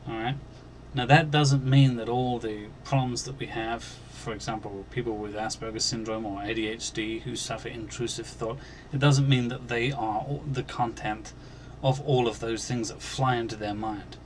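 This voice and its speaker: A man hosting a Christian channel, earnestly recounting a dream as personal testimony, halting and restarting, and growing emphatic on key points. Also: mid-range voice, steady tone, a little hiss or hum. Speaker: Christian video channel host.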